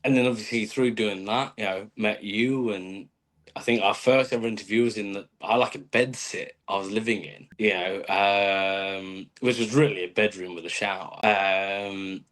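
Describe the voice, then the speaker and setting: A man's voice: fairly low pitch, fairly even intonation, normal speed, fairly bright tone. A man from Australia who lives in England, a podcast guest telling stories in a dry, self-mocking way with lots of fillers. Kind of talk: casual chat. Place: living in England.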